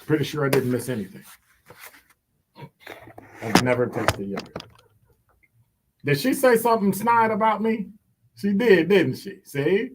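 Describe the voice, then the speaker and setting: Male call-in radio host: animated and playful, slightly raised pitch, quick joking asides. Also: noisy background. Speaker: radio talk show host. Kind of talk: talk radio monologue.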